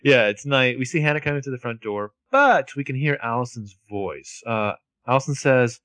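A man's voice: mid-range voice, animated, normal speed, hardly any pauses, a bit bright, clean tone, dry recording. A man co-hosting a podcast, narrating TV scenes in casual, swearing chat. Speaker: podcast co-host.

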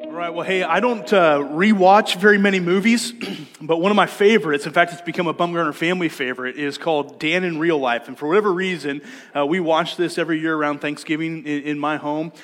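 A man preaching a sermon as pastor, in a relaxed conversational way that often repeats words as he restarts. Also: on the high side, a little fast, faint music behind. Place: church sanctuary. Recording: long church reverb.

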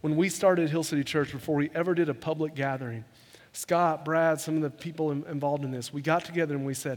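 A man preaching a sermon to his congregation in an earnest, conversational way, often repeating words as he rushes ahead. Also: fairly high pitch, fairly even intonation. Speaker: pastor. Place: church sanctuary. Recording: long hall reverb.

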